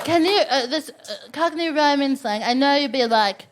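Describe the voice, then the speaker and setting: A woman hosting a stand-up show, doing animated crowd work with plenty of laughter. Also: sits high, normal speed, few pauses, very noisy. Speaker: comedy host. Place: comedy club stage.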